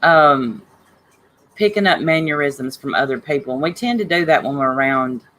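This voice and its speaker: A woman's voice: sits low, lively intonation, brisk, a bit bright, slight background noise, poor audio. Woman, livestream host, chatty, blunt, heated, reads viewer names. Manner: chatty, greets viewers by name, blunt and fired up. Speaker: livestream host reading chat. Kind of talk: casual livestream chat.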